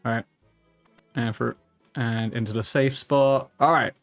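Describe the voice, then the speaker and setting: A man's voice: on the high side, lively intonation, normal speed, soft background music. Man muttering live game commentary. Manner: mutters to himself, swears when frustrated. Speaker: streamer.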